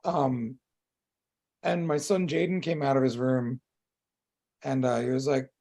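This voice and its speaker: A man co-hosting a podcast, talking openly and emotionally in casual chat, swearing freely and filling pauses with "um" and "like.". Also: mid-range voice, steady tone, creaky, warm tone. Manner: open and emotional, swears freely, many fillers. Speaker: podcast co-host.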